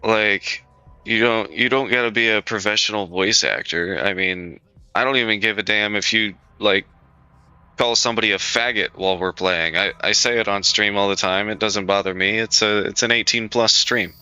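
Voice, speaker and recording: Blunt, profane male streamer with a sharp voice. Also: lowish voice, steady tone, moderate pace, smooth, no echo. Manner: blunt, profane, repetitive reassurance. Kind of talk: casual live-stream chat to viewers. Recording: dull lo-fi stream audio, faint music.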